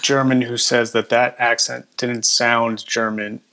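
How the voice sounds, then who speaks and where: A man's voice: mid-range voice, little pitch movement, unhurried, pushed and bright. A man co-hosting a casual podcast, talking in a blunt, opinionated way. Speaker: podcast co-host.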